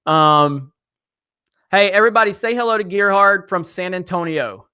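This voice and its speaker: A young man hosts a casual live stream, reading out viewer comments and joking back at them. His voice sits a touch high and sounds bright and forward. His delivery is animated, full of quick asides to chat. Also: clear, resonant tone.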